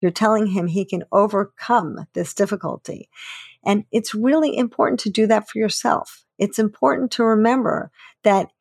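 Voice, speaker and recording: A woman hosting a podcast, explaining calmly and encouragingly with everyday examples. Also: medium pitch, normal speed, gravelly, breathy edge, no echo, clean studio sound. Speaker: podcast host and author.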